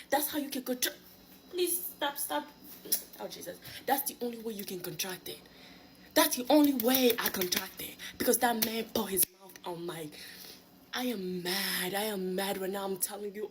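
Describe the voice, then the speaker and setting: A woman tells a personal story to the camera, blunt and exasperated. Her voice sits mid-range. A faint noise runs underneath. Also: mid-range voice.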